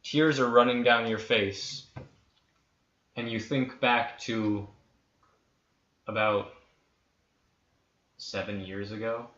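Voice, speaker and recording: A man running a tabletop game, narrating scenes in a hushed, dramatic way. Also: medium pitch, steady tone. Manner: slow, hushed dramatic storytelling. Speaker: dungeon master. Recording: roomy, dull lo-fi with faint hiss.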